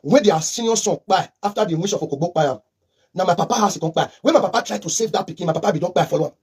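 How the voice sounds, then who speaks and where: A Nigerian man who slips into Pidgin, talking in a high, husky voice as he delivers heated political commentary. He rushes through his points with fervent, repetitive emphasis. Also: darkish tone.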